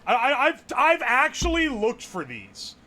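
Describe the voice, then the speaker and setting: A man streaming live, chatting casually, loud and profane, yelling nearly every phrase. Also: extremely high pitch, wildly swooping pitch, a little slow. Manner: brash and profane. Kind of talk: casual livestream chat.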